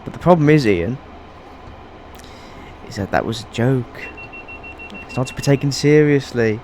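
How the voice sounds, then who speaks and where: A man's voice: medium pitch, animated, a little slow, a little mellow, slight background noise. A man giving casual gameplay commentary as a YouTuber, often restarting his sentences and wandering into asides. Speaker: gaming YouTuber.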